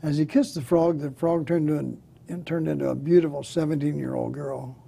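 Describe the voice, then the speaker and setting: Older man with a gravelly husky voice. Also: on the high side, fairly even intonation, brisk, dark tone. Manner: laughs at his own punchlines, folksy storytelling. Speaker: comedian guest. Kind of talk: telling jokes in a chat.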